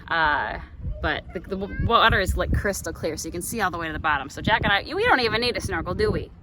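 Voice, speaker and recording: Chatty vlogging mom, recorded outdoors on camera audio with water noise clearly heard behind her. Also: fairly low pitch, animated, fast talker. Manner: chatty, with frequent ums and restarts. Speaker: mother and vlogger. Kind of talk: casual family travel vlog. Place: outdoors on a paddle board on the water. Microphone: handheld camera.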